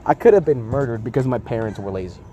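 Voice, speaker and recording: A man's voice: medium pitch, fast talker, muffled recording, a little hiss or hum. A young man in casual chat with friends, telling a story with lots of laughs and acting out what others said. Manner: animated, laughing, acts out friends' lines.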